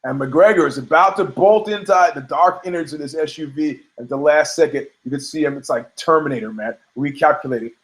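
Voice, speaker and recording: A man's voice: fairly high pitch, brisk, hardly any pauses. A man hosting a show, giving brash, profane, rambling opinions on fights with many restarts. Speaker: podcast host. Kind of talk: casual opinionated commentary.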